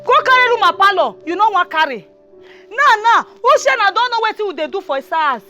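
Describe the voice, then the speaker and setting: A woman's voice: extremely high pitch, big pitch swings, bright, forceful tone, faint music behind, exaggerated voice. An actress playing a complaining wife and mother in a Nollywood comedy, with a Nigerian accent and a whiny, insistent way of talking. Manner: whiny and insistent, drawn-out wails.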